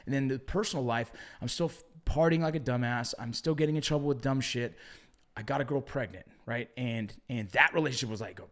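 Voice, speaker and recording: A middle-aged man telling stories from his past as a podcast guest, swearing a lot and slinging slang in casual, animated talk. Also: medium pitch, a little fast. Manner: profane, animated storytelling with slang like bro and dog. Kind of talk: casual storytelling conversation.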